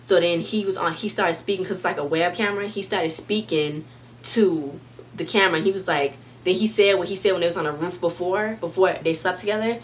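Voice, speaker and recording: A woman with a slightly low voice recaps a TV episode for her viewers in a loose, rambling way. She circles back, repeats herself and restarts her sentences as she goes. Faint room noise sits under her voice. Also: a little fast. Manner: rambling, repeats and restarts while retelling the plot; talks directly to viewers. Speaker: TV review vlogger. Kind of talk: casual spoken episode recap.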